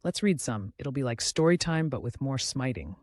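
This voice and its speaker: A man's voice: mid-range voice, expressive, moderate pace, darkish tone, no echo, lightly acted. A man voicing a boastful, dim-witted cartoon dad who talks in a brash, dismissive, jokey way.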